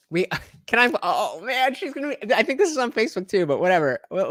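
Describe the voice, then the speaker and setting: A man's voice: high-pitched, fairly quick, no room sound, clean studio sound. A man hosting a livestream, reading chat comments and rambling with many fillers. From New Jersey. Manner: rambling, lots of fillers, animated. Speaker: livestream host.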